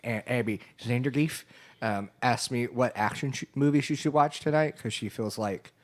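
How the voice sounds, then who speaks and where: A man's voice: medium pitch, normal speed. Rowdy, laughing man on a podcast. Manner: laughs often, crude and rowdy. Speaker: player and co-host. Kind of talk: casual podcast chat.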